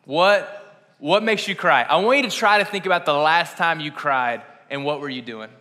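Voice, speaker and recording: With a fairly high, pushed and bright voice at normal speed, this young pastor gives a relaxed, conversational sermon. He's self-deprecating and laughs at himself a lot, and the church sanctuary adds long reverb.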